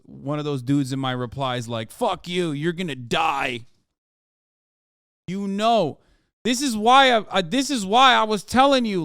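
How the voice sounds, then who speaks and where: A man's voice: a little high, a bit bright, clean tone, no room sound, studio quality. Ranting, profane male political streamer. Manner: ranting, swearing, reading aloud quickly then riffing. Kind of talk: profane political commentary and article reading.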